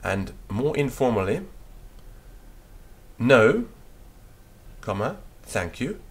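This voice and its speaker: A man teaching a beginners' French lesson, dictating slowly and patiently and spelling words out letter by letter. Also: medium pitch, very animated, husky.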